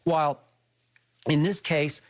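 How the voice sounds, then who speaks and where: A man's voice: on the high side, steady tone, slow pace. An older man hosting a studio sports debate, making his points emphatically and often checking for agreement. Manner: emphatic, lecturing, rhetorical questions.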